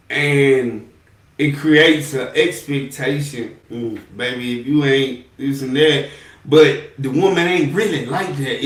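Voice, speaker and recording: A man's voice: fairly high pitch, distant mic. Laid-back man, echoey and off-mic. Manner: laid-back, rambling, trails off softly. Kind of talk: casual chat.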